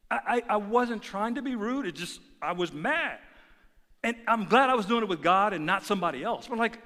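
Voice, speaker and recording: A male pastor preaching a sermon, dramatic, swinging from shouted lines to hushed whispers. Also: high voice, animated, fairly quick. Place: church sanctuary. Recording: long church hall reverb.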